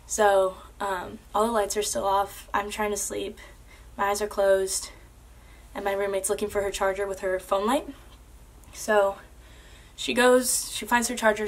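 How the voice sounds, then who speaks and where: A woman's voice: mid-range voice, little pitch movement, measured pace. A young woman earnestly telling a personal story to camera, casual and full of "like" and "um". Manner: earnest, with many fillers like "like" and "um".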